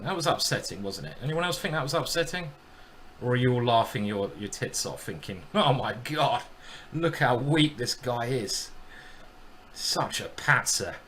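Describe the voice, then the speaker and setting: Man, animated self-mocking stream commentary, bright voice, lively swings. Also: medium pitch, a little hiss or hum. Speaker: chess streamer. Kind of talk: live commentary while playing blitz.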